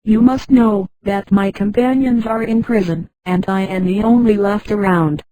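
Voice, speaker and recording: A woman reading the lines of a tall, thin, secretive former soldier in a flat, even synthetic voice. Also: mid-range voice, normal speed, no room sound, close to an everyday voice, rough recording.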